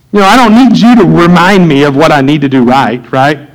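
A man's voice: on the high side, sing-song, fast, low-quality recording. A man, a pastor, preaching a conversational sermon, acting out little voices and asides.

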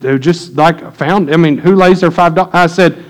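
Folksy pastor preaching. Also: male voice, high voice, normal speed, low-quality recording. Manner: folksy storytelling, animated when quoting. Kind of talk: sermon. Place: church.

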